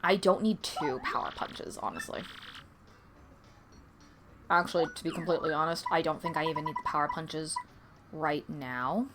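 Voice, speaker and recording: A woman's voice: low-pitched, moderate pace, long pauses, noisy background. A woman chatting casually to herself while playing through a video game. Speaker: let's play host. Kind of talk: casual gameplay commentary.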